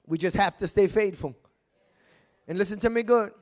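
High-voiced man preaching a fiery sermon. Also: moderate pace. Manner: fiery preaching that swings from hushed to shouting; call-and-response with the congregation. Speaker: pastor.

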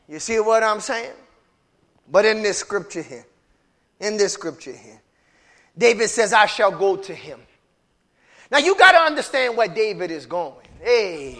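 A man preaching a sermon to a congregation, repeating phrases for emphasis and building into shouted call-and-response. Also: sits high, animated, moderate pace, some chatter behind.

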